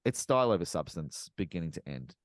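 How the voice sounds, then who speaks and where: Man on a podcast, fairly low voice, dry close sound, sarcastic and animated, swearing freely as he rants through a film. Each complaint piles onto the last. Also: a little fast, no echo. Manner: animated, sarcastic ranting with profanity. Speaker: podcast co-host. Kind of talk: casual podcast chat.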